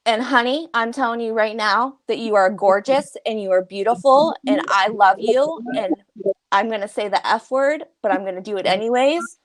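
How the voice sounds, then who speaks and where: A woman's voice: a little high, moderate pace, dry recording. A woman co-hosting a psychic reading livestream, comforting her co-host and calling her honey, with a slightly indignant edge. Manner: comforting, calls people honey, a little indignant. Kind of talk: livestream chat.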